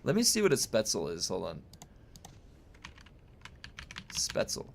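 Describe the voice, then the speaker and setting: A man's voice: fairly low pitch, huge pitch swings, fast, gravelly, slight background noise. A young adult man streaming, chatting casually with viewers in a rambling way full of fillers and restarts. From United States. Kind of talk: casual chat reading viewer comments.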